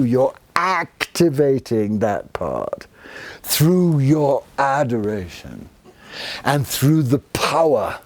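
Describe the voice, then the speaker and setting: An older man leads a spiritual talk for a small group, speaking slowly and deliberately. His voice rises and falls widely as he lingers over words. He speaks with fervent warmth, and now and then he teases his listeners fondly. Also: medium pitch, no echo. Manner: slow, expressive and effusive, teasing with the group. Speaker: spiritual teacher.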